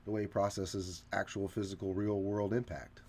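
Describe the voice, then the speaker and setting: A man's voice: on the low side, little pitch movement, moderate pace, darkish tone, husky. A man co-hosting a casual film discussion, analyzing characters' motives in an explanatory way with occasional fillers. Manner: analytical, breaks down motives and points out scripting.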